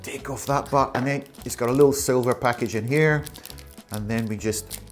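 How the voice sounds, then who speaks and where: Guy doing a chatty taste-test review, upbeat and laughing a lot, normal middle pitch. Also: normal speed, soft background music. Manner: enthusiastic, chatty, laughs often. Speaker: food vlogger.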